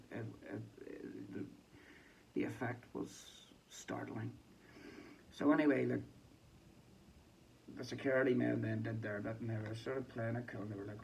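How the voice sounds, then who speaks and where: A Northern Irish boxing commentator reacts to a fight in casual, rambling chat, swearing and mocking as he goes. His medium-pitched voice is creaky, and there is background noise.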